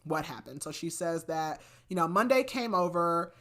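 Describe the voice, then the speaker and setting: Chatty woman with a lowish voice. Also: expressive, moderate pace, fairly bright tone. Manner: chatty, many fillers and restarts. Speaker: podcast host. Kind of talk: casual book recap.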